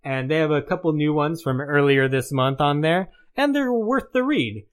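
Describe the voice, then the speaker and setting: A man's voice: on the high side, expressive, normal speed. A man co-hosting a live-streamed podcast in casual chat, joking and trading wisecracks. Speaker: podcast co-host.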